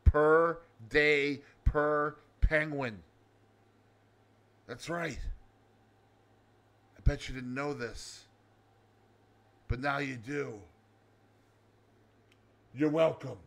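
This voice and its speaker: A man hosting a comedic daily segment as a loud, over-the-top showman persona, hammering his points home. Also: on the high side, steady tone, drawn-out words, pauses often. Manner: loud, showman, mock-emphatic. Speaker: host.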